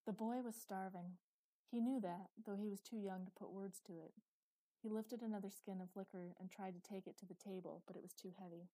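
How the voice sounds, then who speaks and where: A woman reading scripted fantasy narration in a steady, measured way. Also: medium pitch, no echo, rough recording. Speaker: audiobook narrator.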